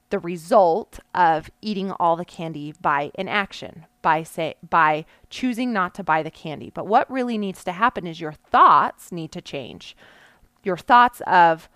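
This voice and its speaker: A woman's voice: on the low side, expressive, a little slow, fairly bright tone, no room sound, clean studio sound. A woman coach giving an earnest, explanatory motivational lesson, often checking in with her listeners and pushing some words with bursts of emphasis. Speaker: mindset coach. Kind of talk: motivational teaching talk.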